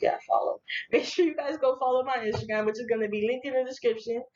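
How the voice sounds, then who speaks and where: A young woman vlogger telling a story in casual, slangy speech, animated and laughing along as she talks. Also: a little high, fast talker. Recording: echoey room, dull lo-fi audio, faint noise.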